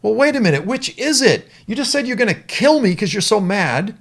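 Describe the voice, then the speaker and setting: Man putting on a fed-up old prophet, high, indignant, gravelly. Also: sing-song, a little fast, fairly bright tone, full character voice. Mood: exasperated. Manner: exasperated, indignant. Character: exasperated, confused ancient male prophet.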